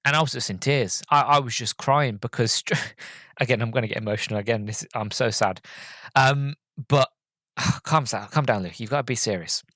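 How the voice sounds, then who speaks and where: Male podcast host, mid-pitched, heartfelt rambling review, dry sound. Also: moderate pace, fairly bright tone, no echo. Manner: earnest, heartfelt and rambling, with many restarts. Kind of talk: casual film review.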